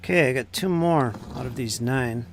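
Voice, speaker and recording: A man's voice: medium pitch, moderate pace, vocal fry, slight background noise. Man chatting while painting miniatures. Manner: absorbed, muttering to himself. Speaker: channel host painting miniatures. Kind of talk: casual live-stream chat while painting.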